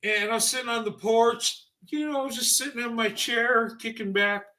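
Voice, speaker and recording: A man's voice: very high voice, steady tone, normal speed, pushed and bright. A man ranting on a livestream, emphatic and profane, speaking in heated bursts. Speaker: livestream commentator. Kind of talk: ranting opinion monologue.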